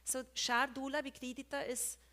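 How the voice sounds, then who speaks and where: A woman with a slightly high voice lecturing on poetic meter. She talks in a loose, chatty way. She often stops to correct herself mid-sentence. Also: level tone, normal speed, bright, forceful tone. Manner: chatty, with self-corrections, hums meter rhythms. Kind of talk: conference talk on Sanskrit meter.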